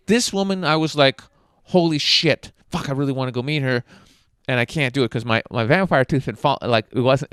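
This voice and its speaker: Fast-talking man telling candid stories. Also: medium pitch, fairly bright tone, smooth, no room sound, clean studio sound. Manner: candid, self-mocking, swears, frequent fillers. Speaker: vlogger telling dating stories. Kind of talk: casual storytelling monologue.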